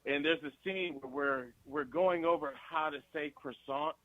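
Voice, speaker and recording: A man's voice: fairly high pitch, fairly even intonation, moderate pace, phone-quality sound. A male guest actor in a casual radio interview, talking loosely and animatedly with frequent laughs.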